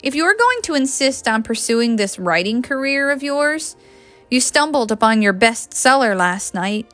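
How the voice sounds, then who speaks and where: A woman reading the lines of a brisk, pushy young woman who teases and presses. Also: on the high side, sing-song, fairly bright tone, soft background music, voice pushed up. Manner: teasing, pressing.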